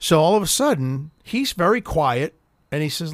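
A man's voice: on the high side, sing-song, normal speed, dry recording. A middle-aged man telling a story in casual chat, profane, rambling and heated.

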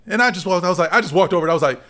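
A man co-hosting a casual podcast, telling a lively story and swearing freely. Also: high-pitched, very fast. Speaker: podcast co-host.

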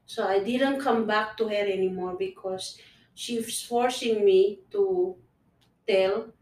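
Slow-spoken earnest woman in an echoey room. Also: mid-range voice, darkish tone, recorded from a distance. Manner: earnest, repetitive, restarts phrases. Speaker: guest sharing personal story. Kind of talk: casual conversation. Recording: echoey room, voice set back from the mic.

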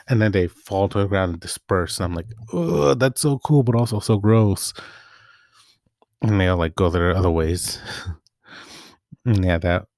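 A man's voice: sits low, dry recording, studio quality. A young man giving a casual, rambling movie recap, often correcting himself mid-sentence. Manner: rambling, self-correcting, relaxed. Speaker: movie vlogger.

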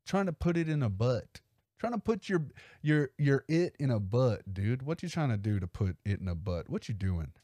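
A man's voice: medium pitch, very animated, moderate pace, mellow, dry recording. A man doing a scolding, indignant roommate. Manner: lecturing, indignant. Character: scolding young male roommate, righteous and exasperated.

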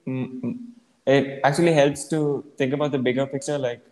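A man's voice: mid-range voice, fairly even intonation, moderate pace, a little mellow. A man of about twenty hosting a podcast, talking casually and rambling with lots of fillers. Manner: laid-back, rambling with many fillers. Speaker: podcast host. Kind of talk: casual chat. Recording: echoey room with long reverb.

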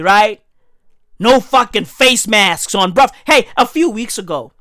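A man doing a profane comedy rant, animated and repetitive, full of slang and swearing. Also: high-pitched, no echo, studio quality. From South Africa.

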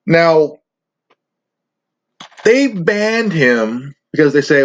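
On his own channel, a man vents in a rambling, stammering rant full of profanity. His slightly high voice is animated, he takes things slowly with long pauses, and the dull lo-fi audio carries a little hiss or hum.

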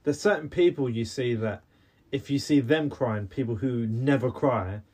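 A man's voice: mid-range voice, moderate pace, a little mellow, slightly rough. A man, co-hosting a podcast in casual chat, talking earnestly with many restarts and a slight cough. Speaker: podcast co-host.

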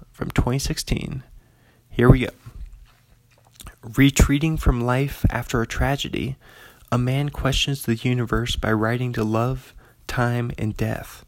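A young man chats casually through a list of films, wandering off on tangents and reading the listings aloud. His voice is gravelly, at an average pitch for a man. The sound is dry and close. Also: darkish tone, no room sound. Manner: chatty, digressive, laughs often, reads listings aloud. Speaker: commentator reviewing an actor's films. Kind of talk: casual rambling commentary.

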